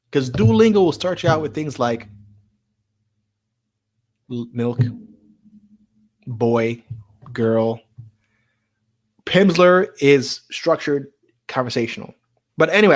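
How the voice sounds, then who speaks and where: A man's voice: on the high side, a little slow, long pauses. A man hosting a live stream in a casual, chatty way, laughing often and repeating words as he talks.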